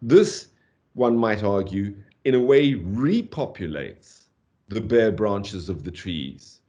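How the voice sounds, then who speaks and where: Animated male literature lecturer. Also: fairly low pitch, takes it slowly, muffled recording. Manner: animated, vocalizes rhythms aloud, frequent "okay". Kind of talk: university lecture.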